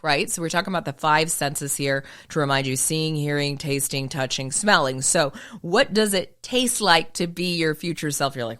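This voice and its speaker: A woman hosting her own show, speaking in a polished broadcaster voice with crisp enunciation, emphatic and full of rhetorical questions. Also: sits low, expressive, moderate pace, a bit bright. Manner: emphatic, asks rhetorical questions and answers them. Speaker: podcast host and former news broadcaster. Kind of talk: motivational monologue.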